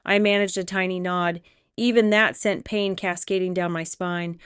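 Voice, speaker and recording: A woman narrating a romance audiobook in the first person, reading in a steady, expressive storytelling way. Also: on the low side, normal speed, smooth, no echo.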